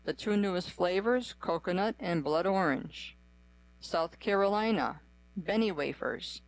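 Mid-pitched voice, narrator, scripted narration, even read-aloud delivery. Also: measured pace, dry recording, poor audio.

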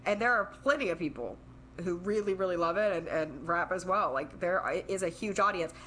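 A woman's voice: fairly low pitch, fairly quick, fairly bright tone, a little hiss or hum, poor audio. A young woman co-hosting a podcast, chatting casually with many "like" and "um" fillers. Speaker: podcast co-host. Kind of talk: casual chat.

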